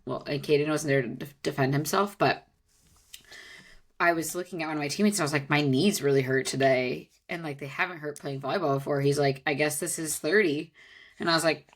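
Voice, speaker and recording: A young woman hosting a casual podcast, trading dry banter and telling stories easily. Her voice sits a little low for a woman. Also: fairly quick. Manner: easygoing, dry banter and storytelling. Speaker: podcast host. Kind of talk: casual chat.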